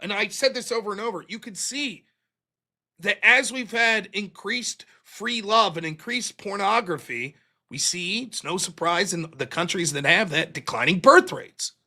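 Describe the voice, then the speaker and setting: A man's voice: sits high, animated, unhurried, sharp tone. A man arguing in a debate, profane and rambling, acting out little quoted voices as he goes. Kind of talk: heated debate talk.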